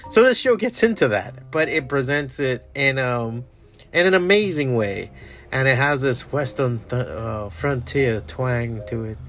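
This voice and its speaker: Chatty man, loose profane vlog talk, bursts of excitement then mumbles, soft music under. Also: medium pitch, a little slow. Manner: profane, enthusiastic, trails off into mumbles. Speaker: comic artist streamer. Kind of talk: casual rambling chat.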